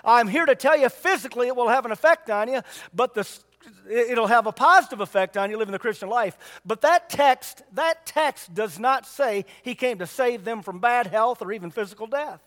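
A man's voice: extremely high pitch, brisk, fairly bright tone, big-room sound. A man preaching a sermon in a church, folksy and emphatic, repeating his points for weight.

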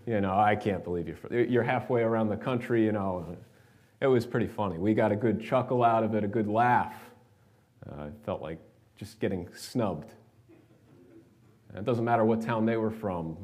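A man's voice: fairly low pitch, a little fast, pauses often, a little mellow. A male pastor with an American accent leading a church service, reading scripture, praying, then preaching in a conversational storytelling way to his congregation. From New York. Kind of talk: sermon with scripture reading and prayer. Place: church sanctuary.

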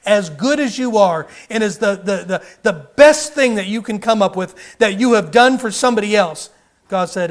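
Male preacher, high voice, emphatic, rhetorical questions, repetitive sermon delivery. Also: normal speed.

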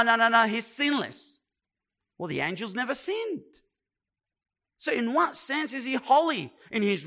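A man's voice: high voice, a bit bright. A man preaching a sermon as pastor, emphatic and repeating words for weight.

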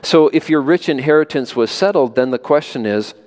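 A man's voice: on the high side, expressive, brisk, darkish tone. A man preaching a sermon as pastor, earnest and emphatic, often repeating words for stress.

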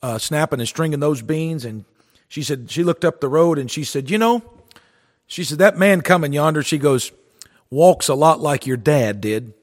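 A man's voice: on the high side, normal speed, big-room sound. A man preaching a sermon, telling a folksy story in an earnest way.

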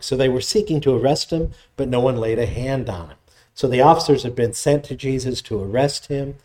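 A man's voice: mid-range voice, a little fast, warm tone. A man preaching an expository sermon in a conversational way, retelling scripture in everyday voices.

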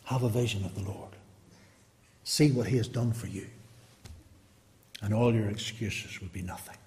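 A man's voice: mid-range voice, darkish tone. Impassioned preacher man, long hall reverb. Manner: impassioned, pleading rhetorical questions. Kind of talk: evangelistic sermon.

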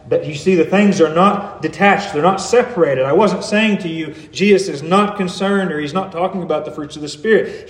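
A man preaching a sermon in an earnest way, his emphasis rising and falling. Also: high voice. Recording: echoey room.

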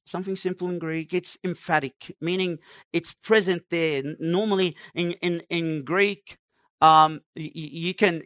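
Male preacher, high-pitched, emphatic sermon delivery, dry close recording. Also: a bit bright, no room sound. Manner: emphatic, dramatic preaching with acted-out quotes.

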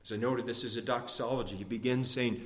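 A man preaching a sermon to his congregation, measured and emphatic, slowing down to stress key phrases. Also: mid-range voice, fairly even intonation. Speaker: pastor. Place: church sanctuary. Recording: long reverb of a church hall.

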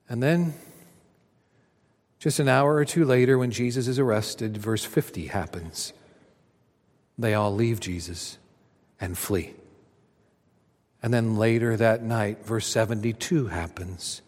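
A man's voice: medium pitch, animated, measured pace, pauses often, in a large hall. A man preaching a sermon as a pastor, speaking emphatically with dramatic rises and drops.

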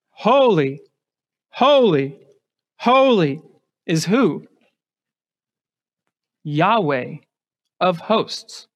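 A male pastor preaching an emphatic sermon, putting rhetorical questions to his congregation and often repeating words as he starts a phrase. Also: high voice.

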